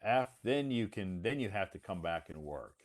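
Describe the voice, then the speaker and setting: An American man hosting a casual chat, talking in a friendly, slow way and repeating things back to make them clear. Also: lowish voice, animated. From United States. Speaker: host.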